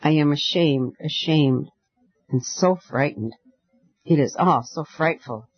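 A man's voice: fairly high pitch, takes it slowly, husky, no echo, dull audio. A man reading as a trembling frightened youth. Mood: ashamed. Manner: trembling, awed, half whispering. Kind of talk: audiobook storytelling.

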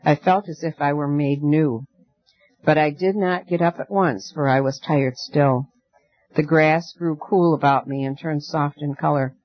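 A man reading as a gentle, soothing night girl. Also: on the high side, fairly even intonation, unhurried, no echo, natural voice. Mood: tender. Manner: soft, coaxing, earnest. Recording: dull lo-fi dry recording.

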